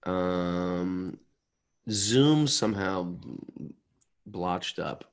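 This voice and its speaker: A man's voice: low voice, very slow, clean tone. A man co-hosting a casual podcast, joking and bantering playfully. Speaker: podcast co-host.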